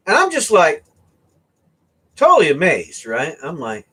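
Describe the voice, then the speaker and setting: A man from the US East Coast telling a casual fishing story, animated and often checking in with "right?". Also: on the high side, takes it slowly, long pauses, slightly rough. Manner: animated, keeps asking "right?". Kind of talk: casual anecdote.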